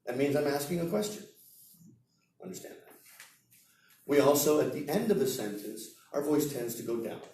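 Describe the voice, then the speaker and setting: A man teaching English at a seminar, lecturing slowly and demonstrating example sentences aloud. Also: on the high side, expressive, warm tone. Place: seminar room. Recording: roomy echo, heard from far off.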